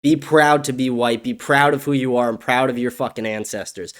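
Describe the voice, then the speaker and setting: A young man hosting a solo podcast, ranting angrily and profanely, his voice swinging from raised outbursts to low muttering. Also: steady tone, fairly quick, fairly bright tone. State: agitated. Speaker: podcast host. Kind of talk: solo opinion rant.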